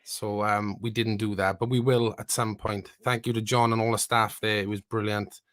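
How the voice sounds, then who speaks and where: A man hosting a podcast, opening the episode and bantering in a relaxed, upbeat way over a video call. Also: lowish voice, normal speed. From Wales. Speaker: podcast host. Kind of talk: casual chat.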